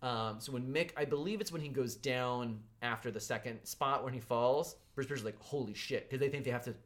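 Male host, mid-range voice, relaxed storyteller. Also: mid-range voice, a little fast. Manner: recounts stories with quoted dialogue. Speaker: podcast host. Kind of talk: casual chat, storytelling.

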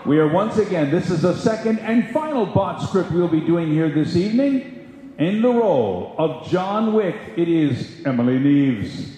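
A man's voice: a little high, animated, mellow. A man moderating a panel, reading stage directions aloud in a theatrical way. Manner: slow, theatrical announcing. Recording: echoey hall, background noise.

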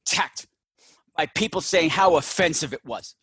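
A man hosting a casual movie review chat, animated, jokey and profane. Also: fairly high pitch, normal speed, slightly rough, no echo. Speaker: podcast host.

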